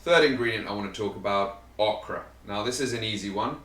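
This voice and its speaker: A man's voice: fairly low pitch, fairly quick, a bit bright. Chatty man in a roomy kitchen. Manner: chatty and rambling, joking about himself. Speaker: vegan cooking channel host. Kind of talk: casual cooking-show explanation to camera. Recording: roomy sound, mic set at a distance.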